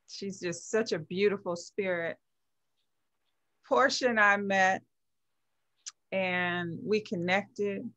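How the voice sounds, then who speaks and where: A woman's voice: mid-range voice, fairly bright tone. A middle-aged woman talking as an interview guest, giving a passionate motivational talk and stressing her points by repeating phrases. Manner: emphatic, builds phrases by repetition. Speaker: guest, founder of a women's movement.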